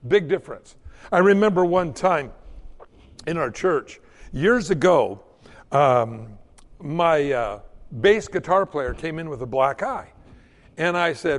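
A man's voice: on the high side, animated, measured pace. A man preaching a sermon in a church, telling folksy stories and acting out the quotes. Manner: folksy storytelling with acted-out quotes. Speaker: pastor. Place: church sanctuary. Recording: long hall reverb.

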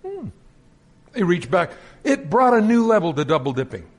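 Male minister, middle-aged, high voice that swoops a lot, acts out anecdotes mid-sermon. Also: moderate pace, breathy edge. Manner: animated storytelling with acted-out quotes.

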